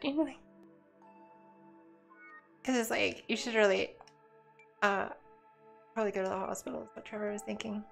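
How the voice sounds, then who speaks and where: A woman's voice: on the high side, moderate pace, creaky, long pauses, faint music behind. A woman chatting casually while she streams a game, rambling and joking as she plays. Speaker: let's play streamer. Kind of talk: casual chat while gaming.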